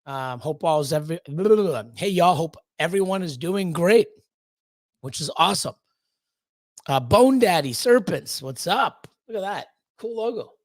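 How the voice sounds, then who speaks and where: A man's voice: sits high, no room sound. A man hosting a live stream, greeting chat viewers one by one in a rambling, loose way with lots of fillers. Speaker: livestream host.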